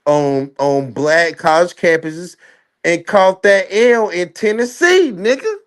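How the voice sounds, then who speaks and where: A man hosting a podcast, arguing in a heated casual debate and firing off rapid strings of "no.". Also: high voice, lively intonation. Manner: argumentative, repeats "no" in rapid bursts. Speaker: podcast host.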